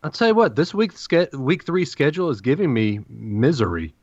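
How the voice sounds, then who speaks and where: A man's voice: a little high, big pitch swings, normal speed, a little mellow, no room sound. Southern US man, podcast co-host, confident analytical picks, dry slightly muffled mic. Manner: confident, analytical game predictions. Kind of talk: casual sports chat.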